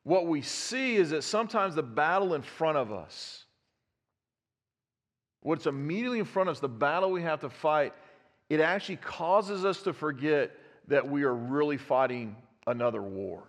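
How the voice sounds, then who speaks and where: A man's voice: a little high, animated, normal speed. A man, preaching a conversational sermon and putting questions to his congregation. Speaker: pastor. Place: church sanctuary. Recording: long reverb of a church hall.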